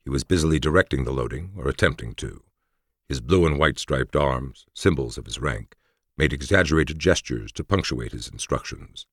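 A man narrating a story in a measured, even storytelling manner with a gravelly voice. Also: extremely low pitch, no room sound, clean studio sound. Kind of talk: audiobook narration.

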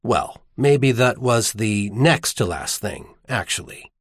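A man narrating a novel as an audiobook in an expressive storytelling manner. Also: lowish voice, takes it slowly, husky, dry recording, studio quality. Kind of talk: scripted narration.

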